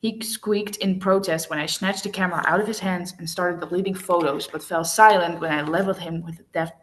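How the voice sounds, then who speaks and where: A woman's voice: lowish voice, fairly even intonation, a little fast. A woman hosting a casual read-along, reading a romance novel aloud and often stumbling and correcting herself. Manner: stumbles and self-corrects, laughs at slips.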